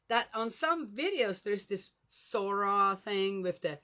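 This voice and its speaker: An older woman, a grandmother, chatting casually and rambling through a story with many fillers, getting animated and exasperated. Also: mid-range voice, slow pace. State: flushed from a hot flash. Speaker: Bible reading podcaster. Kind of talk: casual chat.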